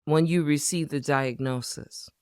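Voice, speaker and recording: Smooth-voiced measured interviewer. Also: medium pitch, fairly even intonation, no echo, clean studio sound. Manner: measured, prompting questions. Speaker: interviewer and host. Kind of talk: gentle interview questions.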